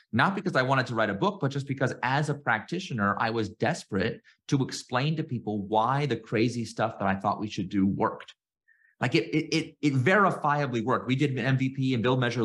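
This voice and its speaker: A middle-aged man, a guest entrepreneur on a podcast, telling stories in casual conversation and acting out quoted exchanges with a raised voice. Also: medium pitch. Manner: animated storyteller, acts out quoted exchanges in a raised voice.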